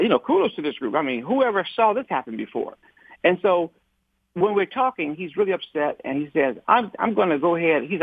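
A husky, somewhat high-pitched man talking over a tinny, phone-like line with no room echo. He tells his story in a conversational way, stumbling over repeated words and voicing other people's lines as he retells them. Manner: repeats words and restarts often, acts out quoted dialogue. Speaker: civil rights activist guest.

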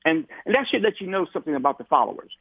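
A husky, somewhat high-pitched man talking over a tinny, phone-like line with no room echo. He tells his story in a conversational way, stumbling over repeated words and voicing other people's lines as he retells them. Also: big pitch swings, rapid-fire. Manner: repeats words and restarts often, acts out quoted dialogue. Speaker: civil rights activist guest.

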